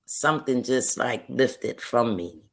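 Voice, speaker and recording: A woman's voice: rumbling low, animated, creaky. Earnest woman telling a personal testimony. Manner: slow, earnest storytelling with repeated phrases. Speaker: guest author. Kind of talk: emotional personal testimony in an interview.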